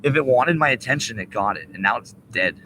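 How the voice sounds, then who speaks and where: A man's voice: mid-range voice, animated, brisk, sharp tone, slight background noise, rough recording. A young man ranting profanely into a laptop webcam during a rambling livestream, agitated and cursing. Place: indoors at a laptop. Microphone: laptop webcam mic.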